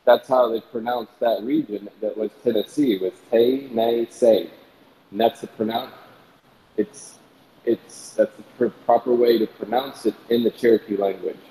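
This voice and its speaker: A man's voice: medium pitch, fairly even intonation, moderate pace, mellow, low-quality recording. A man chatting casually on a stream, lecturing his friends with a teasing edge. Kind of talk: casual chat.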